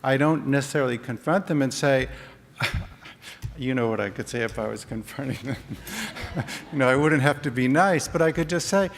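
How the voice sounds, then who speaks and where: A man's voice: medium pitch, normal speed, gravelly. A man giving a conference talk in a conversational way, acting out short example dialogues. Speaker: conference speaker. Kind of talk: conference presentation. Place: conference hall. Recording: long reverb of a hall.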